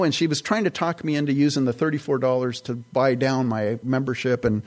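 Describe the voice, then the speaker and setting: A man's voice: medium pitch, fairly even intonation, brisk, few pauses. Man preaching a folksy, rambling sermon. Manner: folksy, rambling anecdotes with frequent restarts. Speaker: pastor. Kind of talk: conversational sermon.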